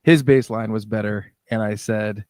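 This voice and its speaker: A man, a musician and director, telling lively stories in a casual interview and acting out what people said. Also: fairly low pitch, normal speed, no echo, clean studio sound. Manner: animated storyteller, acts out quoted dialogue.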